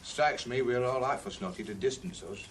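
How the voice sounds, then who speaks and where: A man's voice: mid-range voice, fairly quick, far from the mic, slight background noise, natural voice. An actor playing a sceptical, dry-humoured Northern English rugby man in a 1970s television drama, with a Northern English accent.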